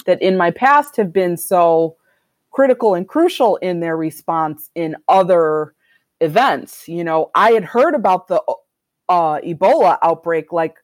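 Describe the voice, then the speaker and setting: A woman with a fairly low voice speaks as a doctor in a conversational interview. She answers candidly and thoughtfully, and her voice sounds dry and close with no room echo. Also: animated. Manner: reflective, candid, measured.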